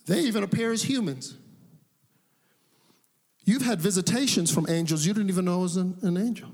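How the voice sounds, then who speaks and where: A male pastor preaching a sermon, telling a personal story with animated delivery and laughing at his own tale. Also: high-pitched, moderate pace, in a large hall. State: sweating.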